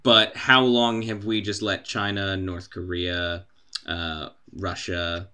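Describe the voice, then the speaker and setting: Bright-voiced rambling young man. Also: sits low, level tone, slow pace, smooth. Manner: rambling, lots of restarts, crude humor. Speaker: podcast co-host. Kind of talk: casual podcast chat, storytelling.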